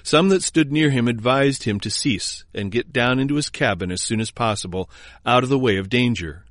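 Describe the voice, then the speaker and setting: A man narrating a historical memoir in a measured, formal reading. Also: medium pitch, a bit bright, no echo, studio quality.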